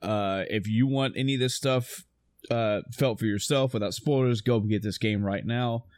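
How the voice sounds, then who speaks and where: A man's voice: on the low side, moderate pace, darkish tone, no echo, studio quality. A man talking casually about a video game, swearing often and rambling with enthusiasm. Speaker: podcast host reviewing a video game. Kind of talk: casual chat.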